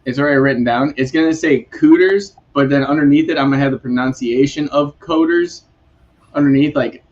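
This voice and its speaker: A man's voice: mid-range voice, fairly quick, darkish tone, lo-fi sound. A man hosting a casual podcast chat, rambling and laughing often. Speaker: podcast host.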